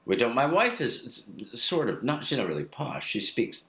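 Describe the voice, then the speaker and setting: An American man chatting casually from a home studio over a video call, halting and repeating words and chuckling often. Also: mid-range voice, huge pitch swings, a bit bright. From United States. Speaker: guest actor. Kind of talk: casual chat.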